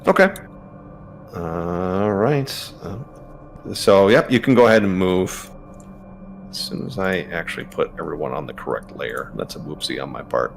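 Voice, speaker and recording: Deep, slow, gravelly game master man. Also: a little hiss or hum. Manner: relaxed, hesitant narration with fillers. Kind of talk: narrating a tabletop game.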